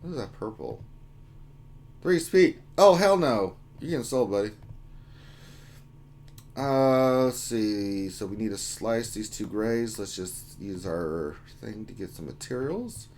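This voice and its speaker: A man's voice: on the low side, expressive, slow, darkish tone, a little hiss or hum. A man hosting a gaming live stream, reading out viewer chat messages with jokey, upbeat remarks. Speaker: livestream host.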